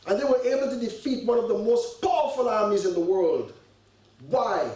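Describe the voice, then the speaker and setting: A man's voice: high voice, a little mellow. A man giving an earnest sermon to a gathering, full of rhetorical questions and repeated words as he thinks aloud. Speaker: sheikh giving a religious talk. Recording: echoey hall, mic at a distance.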